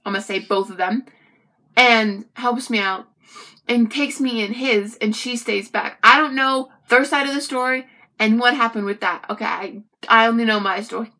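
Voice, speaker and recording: A young woman talks straight to the camera, telling her own story in a chatty, animated way and turning to the viewer with quick asides. Her voice sits a little high and sounds bright and forceful. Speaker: vlogger.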